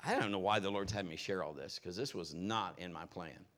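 A man's voice: low voice, brisk, fairly bright tone. Folksy man preaching a storytelling sermon. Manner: folksy, personal, rambling asides. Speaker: pastor.

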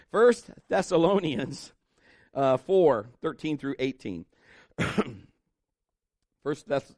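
A man's voice: mid-range voice, expressive, normal speed, no room sound, clean studio sound. A middle-aged male pastor preaching a sermon in a conversational, joking way, with asides to the congregation.

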